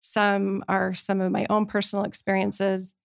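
A woman's voice: medium pitch, monotone, moderate pace, gravelly, no room sound, studio quality. A woman casually explaining the blog she writes with her father, informal and a little hesitant. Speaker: blog co-author.

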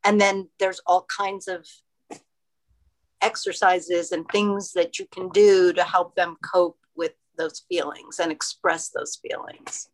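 Woman co-hosting a chat, slow and calm, explaining things step by step. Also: fairly low pitch, low-quality recording. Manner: calm, explanatory, advice-giving. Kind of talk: casual group discussion.

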